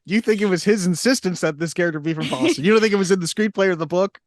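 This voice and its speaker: A young man co-hosting a movie podcast, joking and slipping into quick impressions. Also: high voice, no echo, studio quality. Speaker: podcast co-host. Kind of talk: casual chat.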